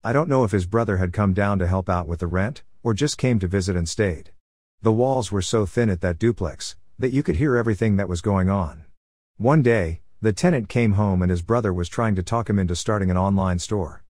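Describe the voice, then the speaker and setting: Low-voiced man telling a story. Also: fairly quick, a little mellow, no echo, studio quality. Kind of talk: first-person storytime narration.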